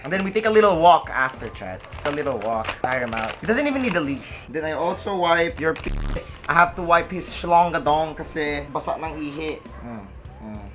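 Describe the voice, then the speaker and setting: A man's voice: fairly high pitch, animated, normal speed. A man with a Filipino accent chatting playfully in a casual vlog, mixing English and Tagalog and cooing at his dog. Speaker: vlogger. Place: at home and outside on a walk.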